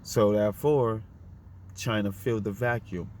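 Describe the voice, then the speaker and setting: A man's voice: on the low side, fairly even intonation, unhurried, a little mellow, a little hiss or hum. A man delivering a fiery, profane, unscripted monologue, firing off rhetorical questions in a preachy tone.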